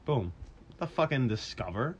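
A man's voice: mid-range voice, sing-song, moderate pace, a little hiss or hum. A young man co-hosting a podcast, chatting casually and crudely, swearing often and joking around. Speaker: podcast co-host. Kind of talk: casual chat.

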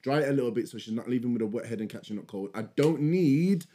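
A man's voice: mid-range voice, fast. A man co-hosting a casual podcast with his partner, defensively retelling a family argument at length. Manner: defensive, long animated retelling. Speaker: podcast co-host. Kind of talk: casual couple's argument chat.

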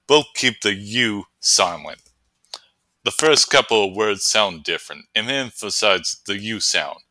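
A man's voice: on the low side, no room sound. A man doing a zany Australian wilderness presenter. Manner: excitable, rambling tutorial patter. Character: zany male Australian outdoors language presenter.

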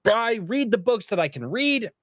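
A man's voice: high-pitched, normal speed, no room sound, studio quality. A man hosting a podcast, talking casually and animatedly, swearing a lot and acting out what he said to people. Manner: animated, profane, laughs often, acts out quotes. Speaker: podcast host.

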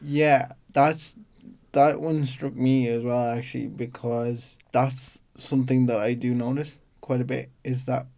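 A man co-hosting a casual chat show, relaxed and self-deprecating, often trailing off into fillers. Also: medium pitch, a little slow, vocal fry. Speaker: podcast co-host.

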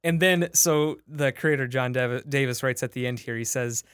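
A man's voice: mid-range voice, normal speed, fairly bright tone, clear, resonant tone, no echo, studio quality. A man, the show's producer, retelling a comic strip in casual podcast chat, full of likes and restarts.

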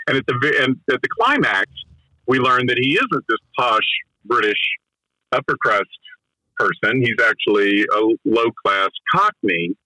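Bright, dry-voiced man telling stories. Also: mid-range voice, animated, unhurried, no echo, rough recording. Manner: enthusiastic storyteller with frequent restarts. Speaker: film director recounting a production. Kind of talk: conversational interview anecdote.

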